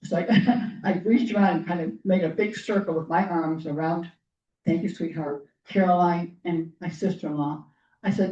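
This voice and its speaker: A woman speaking earnestly to a gathered group, her mellow voice worn thin as she loses it and keeps clearing her throat. She sounds set back from the mic in a roomy hall, and the recording is dull and lo-fi. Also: on the low side, fairly even intonation, normal speed, distant mic. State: losing her voice. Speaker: guest speaker. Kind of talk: personal storytelling talk.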